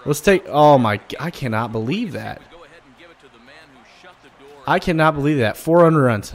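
A man commenting on his own baseball video game play, swearing and flaring up at bad pitches, and talking straight to his viewers. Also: lively intonation, measured pace, long pauses. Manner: swearing, frustrated outbursts at the game. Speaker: gaming YouTuber. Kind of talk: gameplay commentary.

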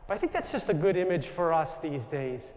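A Jesuit priest with a New York accent tells stories to a live crowd, turning now and then to speak to people in the room. His voice sits a little high for a man. It carries a long reverb from a large hall. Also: fairly quick. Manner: animated anecdotal storytelling, asides to the audience. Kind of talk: storytelling talk to a live audience.

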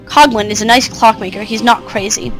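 A woman reading out a brave eleven-year-old girl in a game, polite and earnest. The voice sits fairly high for a woman. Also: steady tone, fairly quick, faint music behind, lightly acted, low-quality recording. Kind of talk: reading game dialogue aloud.

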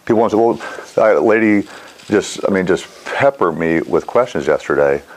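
Male mindfulness teacher, middle-aged, deep voice with lively pitch, rambling classroom talk. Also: normal speed. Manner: rambling, animated, asks the class questions.

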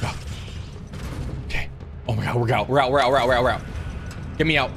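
A man's voice: medium pitch, quick pace, vocal fry, fairly bright tone, soft background music. A young man streaming a horror game, panicking, yelping and muttering to himself. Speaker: gaming streamer. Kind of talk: live horror game commentary.

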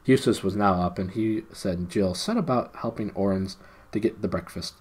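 A man's voice: on the low side, normal speed, a little mellow, breathy edge. A man reading a children's novel aloud on a live stream, with playful self-mocking asides. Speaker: storybook reader and live streamer.

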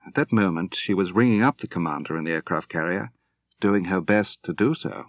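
Low, measured male narrator. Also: no room sound. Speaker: audiobook narrator. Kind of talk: scripted narration.

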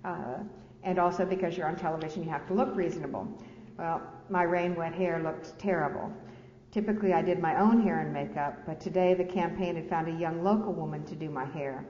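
A woman's voice: on the low side, fairly quick, warm tone. A woman author reading from her memoir to an audience, with candid, self-deprecating asides and laughter. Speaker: author and speaker. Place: large lecture hall. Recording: echoey hall, dull lo-fi sound, faint hiss.

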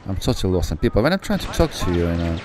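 A man giving live gaming commentary, excitable and rambling, who swears and then apologizes. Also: low voice, very fast, noisy background. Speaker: gameplay commentator.

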